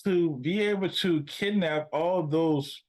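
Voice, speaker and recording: Male podcast co-host, relaxed and joking, voice slightly high. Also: takes it slowly, rough recording. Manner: relaxed, joking asides, laughs. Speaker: movie review co-host. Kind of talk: casual movie review chat.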